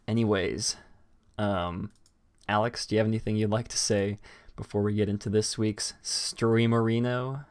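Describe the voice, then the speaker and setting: A man's voice: on the low side, lively intonation, measured pace, long pauses, a bit bright, clear, resonant tone, no room sound. Rambling male stream host, dry sound. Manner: rambling, many fillers and restarts. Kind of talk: casual livestream chat.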